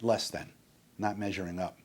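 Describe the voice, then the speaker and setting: A man's voice: low voice, steady tone, moderate pace, a little mellow. An older man speaking on addiction recovery in an earnest, emphatic lecture that repeats its points.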